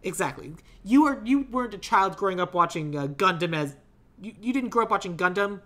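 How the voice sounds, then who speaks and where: A woman's voice: mid-range voice, lively intonation, fairly quick, fairly bright tone. A woman co-hosting a casual podcast, rambling and playful, with lots of "like" fillers. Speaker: podcast co-host.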